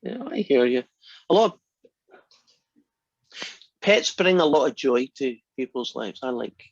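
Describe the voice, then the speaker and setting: A man's voice: medium pitch, no echo, dull audio. Chatty Scottish man lecturing, dry sound. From Scotland. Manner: chatty, restarts sentences. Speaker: math lecturer. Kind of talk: classroom lecture.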